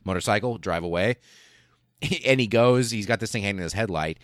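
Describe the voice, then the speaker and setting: A male podcast host telling a history story casually, in an excitable, profane way full of fillers and restarts. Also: lowish voice, fairly quick, no echo, studio quality.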